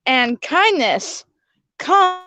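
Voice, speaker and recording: A woman with a high, lively voice talks slowly as she hosts her own video. She explains patiently and then scolds in a corrective way. The sound is dry and close-miked. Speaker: host presenting her kindness platform. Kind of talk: casual skit and explanation.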